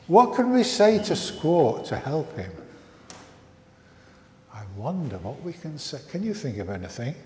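Slow, expressive male minister in echoey church. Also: on the high side, a little hiss or hum. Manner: measured, expressive delivery. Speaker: minister leading a church service. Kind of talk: scripture reading and children's talk. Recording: echoey, reverberant large room.

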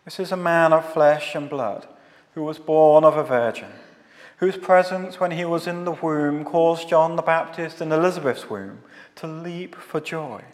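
Man, sermon, slow measured delivery, slightly high voice, long hall reverb. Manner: measured, solemn, rhetorical lists. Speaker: preacher. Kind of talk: scripted theological sermon.

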